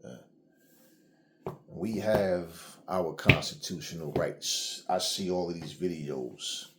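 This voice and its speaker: A man's voice: sits low, slow, heavy background noise. A middle-aged man giving heated solo commentary, blunt and swearing freely as he vents. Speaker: channel host.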